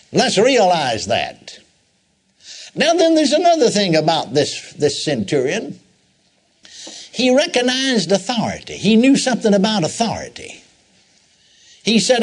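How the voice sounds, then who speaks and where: A male preacher tells a story in a sermon, in a folksy way full of asides to the congregation. His voice sits a little high and swings widely in pitch. He repeats phrases to drive his points home. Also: huge pitch swings, unhurried, long pauses.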